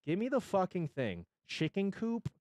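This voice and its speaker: Animated, swearing streamer in his forties. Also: sits high, normal speed, no echo, studio quality. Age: 40s. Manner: rambling, profane, jokey, reacting to chat. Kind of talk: casual live-stream chat.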